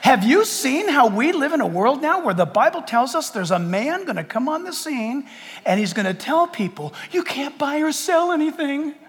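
A man's voice: very high-pitched, sing-song, normal speed, noisy background. A man pastor preaching a sermon in a church sanctuary, impassioned and jokey, firing off rhetorical questions. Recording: long church hall reverb.

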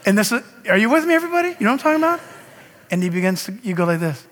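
A man preaching a sermon as pastor, animated and acting out conversations, swinging from hushed to shouting. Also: sits high, rapid-fire, in a large hall, a little hiss or hum. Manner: animated, acts out dialogue, shifts from hushed to shouting.

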